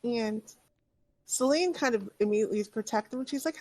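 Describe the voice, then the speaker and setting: Woman dm rambling through the story, lots of ums, mid pitch. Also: warm tone. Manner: chatty, halting, with many fillers. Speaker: game master. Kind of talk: narrating a tabletop game. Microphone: online voice chat.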